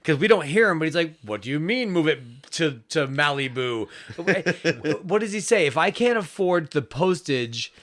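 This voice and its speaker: A man's voice: fairly high pitch, animated, normal speed, fairly bright tone. A man co-hosting a casual bad-movie podcast, making playful jokey asides. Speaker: podcast co-host. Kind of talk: casual movie-review chat.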